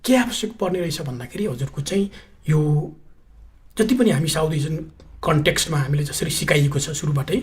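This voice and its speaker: A man's voice: fairly high pitch, racing. A man from Nepal with a Nepali accent, a guest English test teacher explaining emphatically, repeating his points and spelling words out letter by letter. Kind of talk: explanatory interview talk.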